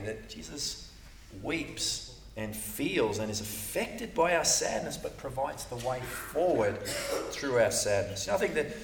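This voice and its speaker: A man's voice: a little high, bright, forceful tone. A man preaching a sermon in a conversational way, often repeating words and checking in with "right?". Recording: echoey room, voice from a distance.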